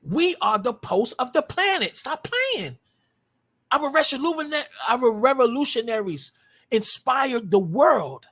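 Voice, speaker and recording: A man's voice: extremely high pitch, sing-song, a little slow, a bit bright. A man hosting a livestream, arguing in a combative, profane way and repeating himself for emphasis. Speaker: live stream host. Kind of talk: heated livestream commentary.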